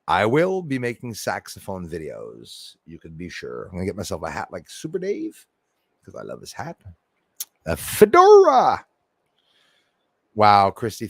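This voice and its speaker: Animated man hosting a livestream. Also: lowish voice, dry recording. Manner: animated, laughing, reads viewer names. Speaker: livestream host. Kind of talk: casual livestream chat.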